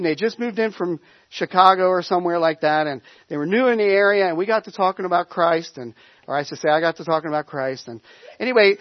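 A man with a fairly high voice preaches in a loose, conversational way, circling back and restarting his sentences as he tells a story. The recording is dry and a little muffled. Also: no room sound. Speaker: pastor. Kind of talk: sermon.

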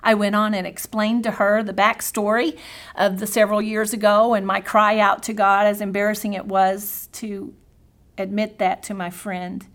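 A woman's voice: mid-range voice, level tone, normal speed. Earnest woman giving a devotional teaching. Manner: earnest, softens to near-whispers on prayers and scripture. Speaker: Bible teacher.

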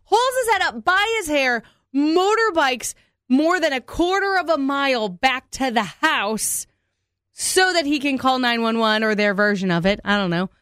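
A young adult woman hosting a morning radio show, telling odd news stories in a playful, animated way and laughing often. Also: high voice, normal speed, clear, resonant tone, no room sound, studio quality. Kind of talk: radio storytelling chat. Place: radio studio. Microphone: studio microphone.

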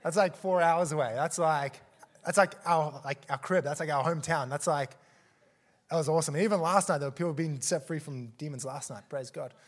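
A man's voice: on the high side, a little fast. A man preaching in a church service, telling a story and acting out the people in it with gasps and laughs. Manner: animated, acts out quotes with gasps and laughs. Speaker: guest preacher. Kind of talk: sermon storytelling.

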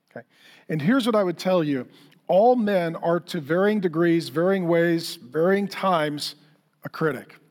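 A middle-aged pastor with a notably high voice preaches in an easy, conversational way. He is candid and self-deprecating, and he often slips into acting out quoted exchanges. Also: big-room sound. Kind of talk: sermon.

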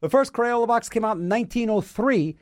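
A man with a high, lively voice that leaps all over its range, hosting his own show and rambling through a goofy comic monologue. He stumbles over words, repeats them and argues back at himself, and the sound is close and completely dry. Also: fairly quick, no echo. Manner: playful, self-mocking, trips over words and repeats them; talks to himself in back-and-forth mock dialogue. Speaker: radio show host.

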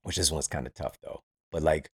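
Deep-voiced man podcast host. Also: fairly quick, a bit bright, breathy edge, dry recording, studio quality. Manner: earnest, reflective, speaks in personal anecdotes. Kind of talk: podcast conversation.

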